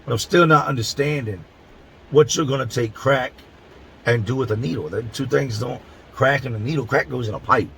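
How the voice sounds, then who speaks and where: Speaking casually to camera, this Philadelphia channel host in middle age recounts a prison story in crude, blunt street language, stretching out words to stress them. His voice is medium-pitched, gravelly and a bit bright at normal speed, on a rough recording with slight hiss or hum.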